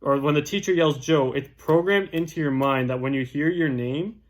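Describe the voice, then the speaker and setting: At normal speed and with a fairly high voice, a young man casually instructs listeners in real estate door-knocking scripts. He's chatty and keeps asking "right?"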